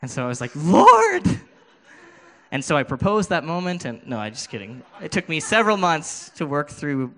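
A man giving a sermon with a personal testimony, earnest and halting, often restarting his words, speaking into a handheld microphone. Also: a little high, lively intonation, a bit bright. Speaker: preacher.

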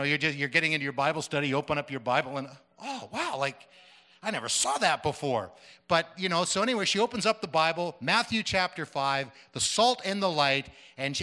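Middle-aged Canadian preacher, rambling storyteller, bright and slightly high. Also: male voice. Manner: conversational with many fillers and restarts. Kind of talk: sermon storytelling.

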